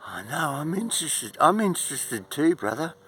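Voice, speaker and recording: A young man talking casually and affectionately to wild birds outdoors, swinging between a high sing-song and hushed whispers. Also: sing-song, normal speed, a little hiss or hum. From Australia. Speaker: vlogger. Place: outdoors near a fence.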